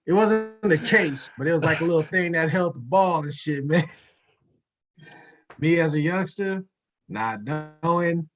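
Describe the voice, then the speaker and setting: A man co-hosting a laid-back sports chat. His voice sits a little high. He tells stories full of profanity and breaks into laughs along the way. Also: expressive, measured pace, a little hiss or hum. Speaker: podcast co-host.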